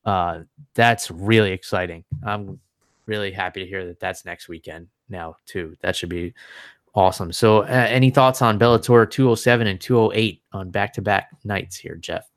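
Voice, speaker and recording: A man with a lowish, resonant voice runs through upcoming fight cards in casual, upbeat chat. He swears now and then and talks with easy enthusiasm. The sound is dry and close to the mic. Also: normal speed, dry recording. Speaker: MMA podcast co-host.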